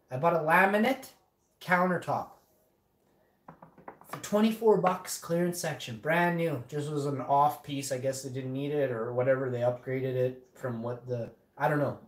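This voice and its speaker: A man telling a casual story to camera, rambling with lots of fillers, restarts and swearing. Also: on the high side. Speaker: vlogger. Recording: roomy echo.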